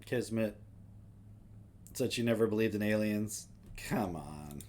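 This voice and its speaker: A man's voice: on the low side, unhurried, darkish tone, slight background noise. A man hosting a live stream who reacts to a video with crude, joking asides in a casual tone. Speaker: streamer host.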